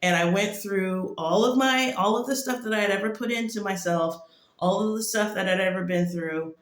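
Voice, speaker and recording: Her voice is medium-pitched and her speed is normal. Giving a relaxed, rambling spoken testimony crammed with "like" fillers, the woman is recorded in a room with noticeable echo.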